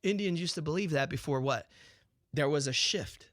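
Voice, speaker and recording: A man with a slightly high voice rants on his own talk show, swearing heavily and throwing out rhetorical questions. He breaks off and restarts his sentences as he goes. The recording is dry and close, with no room sound. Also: normal speed, fairly bright tone, no room sound. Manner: profane, heated ranting. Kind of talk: unscripted monologue.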